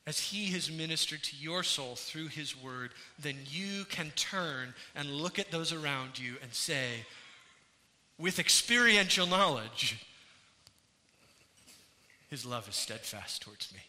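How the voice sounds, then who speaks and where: Pastor, male, earnest sermon delivery, sharp bright tone, reverberant hall sound. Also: fairly high pitch, animated, takes it slowly. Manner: earnest preaching, rising and falling in intensity. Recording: church hall with long reverb.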